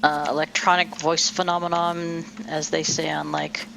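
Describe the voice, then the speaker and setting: Woman streamer, low voice, rambling casual commentary, faint background hum. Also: little pitch movement, moderate pace, creaky. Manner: rambling, swears casually, many fillers.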